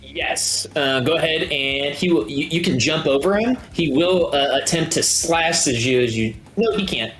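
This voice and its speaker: A man running a tabletop game as game master, talking in a relaxed, halting way with many fillers. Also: fairly high pitch, faint music behind. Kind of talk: narrating a tabletop game over voice chat.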